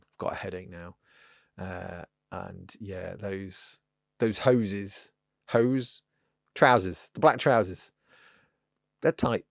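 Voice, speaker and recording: Self-mocking man with a low voice. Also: steady tone, slow pace, gravelly, long pauses, no echo, studio quality. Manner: rambling, self-mocking and playful. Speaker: miniature painting channel host. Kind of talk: casual painting tutorial chat.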